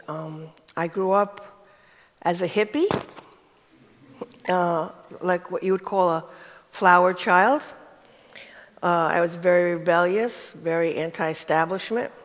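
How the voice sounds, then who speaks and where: Older woman in her 70s, Brooklyn accent, slow and flat-toned delivery, candid testimony, reverberant room. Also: lowish voice. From New York state, USA. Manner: slow, candid, reflective, with many ums. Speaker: guest telling her life story. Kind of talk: interview testimony.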